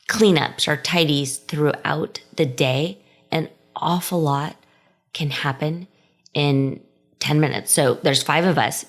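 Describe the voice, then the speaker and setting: A woman hosting a podcast and coaching her listeners in an enthusiastic, encouraging way, stretching out key words. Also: low voice. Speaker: podcast host and life coach. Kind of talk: upbeat motivational podcast talk.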